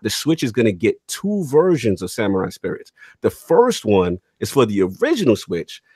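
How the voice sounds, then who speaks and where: A man's voice: medium pitch, husky, no echo, clean studio sound. A man hosting a gaming podcast, quizzing his co-hosts in casual chat. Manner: lively, quizzing guests, frequent mm-hmm. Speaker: podcast host.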